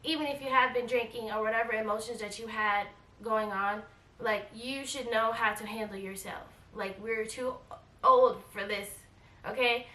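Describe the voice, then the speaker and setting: A woman in her forties telling a travel storytime in a casual, animated way, acting out quoted lines and repeating herself. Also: fairly high pitch, moderate pace, far from the mic. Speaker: travel vlogger. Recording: echoey room, voice a bit off-mic.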